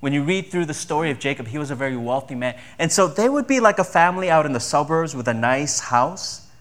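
A man's voice: a little high, expressive, quick pace, fairly bright tone. A man preaching a sermon in a conversational style, often asking his listeners rhetorical questions. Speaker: pastor.

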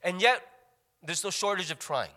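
A man preaching a sermon in an animated way, with joking asides to the congregation. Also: high voice, normal speed, long reverb tail.

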